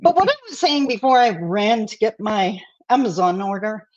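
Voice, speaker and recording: A woman's voice: mid-range voice, sing-song, normal speed, dull audio. A woman co-hosting a podcast over a video call, talking candidly and laughing at herself. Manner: laughing, candid, self-mocking. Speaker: podcast co-host.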